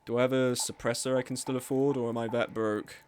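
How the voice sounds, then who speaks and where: A man's voice: medium pitch, little pitch movement, fast, darkish tone, slight background noise. A man live-streaming a game, chatting casually with his chat in a sweary, self-deprecating way.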